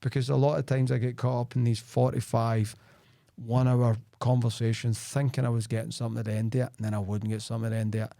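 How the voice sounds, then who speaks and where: A man's voice: mid-range voice, little pitch movement, fast, vocal fry, warm tone, no echo, clean studio sound. A middle-aged Scottish man, a sales expert guest, talking in a casual podcast conversation and telling stories full of "like" and "right?". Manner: chatty storyteller, peppered with "like" and "right?".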